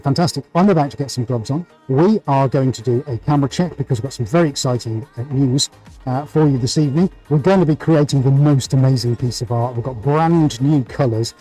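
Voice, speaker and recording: A man's voice: medium pitch, warm tone, low-quality recording. A British man hosting a painting livestream, talking to viewers in an upbeat, enthusiastic way and full of superlatives. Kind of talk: livestream commentary.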